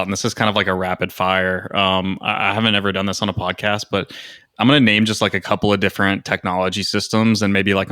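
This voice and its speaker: A man's voice: low voice, pushed and bright, smooth, no room sound, clean studio sound. A man hosting a casual podcast, upbeat and filling his talk with "like" and "you know". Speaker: podcast host.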